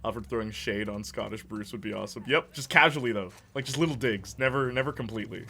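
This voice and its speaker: A man's voice: fairly low pitch, fast talker, bright, forceful tone, slight background noise. A young man riffing and laughing as a gaming streamer in casual live-stream talk. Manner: jokey, riffing, laughing often.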